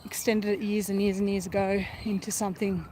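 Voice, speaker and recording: On a casual park walk, this vlogger films on her phone and chats to viewers, rambling and easily distracted. She speaks a little fast in a warm, level, medium-pitched voice, with faint outdoor background noise.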